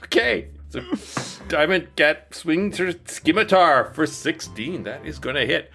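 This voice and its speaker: A man narrating a tabletop game as dungeon master, in slow, descriptive turns. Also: fairly high pitch, lively intonation, vocal fry, bright, forceful tone, soft background music.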